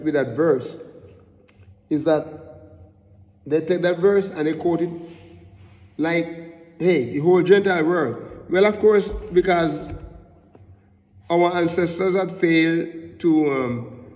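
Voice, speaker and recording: A man teaching a Bible lesson in sermon style, halting and repeating his words often as he explains a word's meaning. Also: on the high side, darkish tone, long reverb tail.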